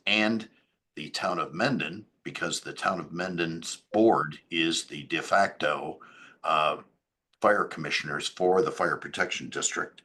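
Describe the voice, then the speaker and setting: Low, bright-voiced halting town supervisor. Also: male voice. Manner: halting, with many fillers and self-corrections. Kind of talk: local government update.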